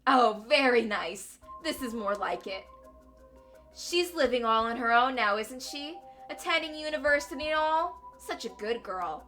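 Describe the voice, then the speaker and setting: A woman's voice: on the high side, expressive, unhurried, a bit bright, faint music behind. A woman voicing a vengeful male ex-convict from a game, taunting and sneering with mock sweetness that turns to snarling threats. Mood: gloating. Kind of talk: reading a game aloud with voices.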